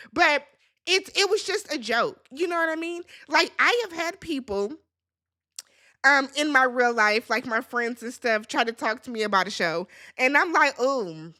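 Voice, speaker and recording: Animated, sassy woman recapping a show. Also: sits high. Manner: animated, sassy, quotes people in exaggerated voices. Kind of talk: casual recap commentary.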